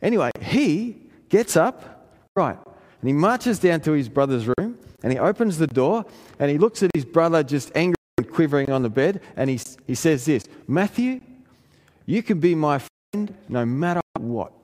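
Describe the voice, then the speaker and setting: A man's voice: expressive, normal speed, darkish tone. Aussie preacher guy telling a story from the pulpit, earnest, voice ringing around a big hall. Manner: earnest storytelling, pitch climbing in emphatic passages. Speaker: pastor. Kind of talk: sermon with personal story. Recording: long hall reverb.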